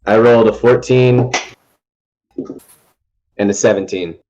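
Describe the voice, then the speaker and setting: A man's voice: lowish voice, fairly even intonation, unhurried, a little mellow. Guy playing a tabletop game, jokey, muffled lo-fi sound. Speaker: player. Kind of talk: casual tabletop play.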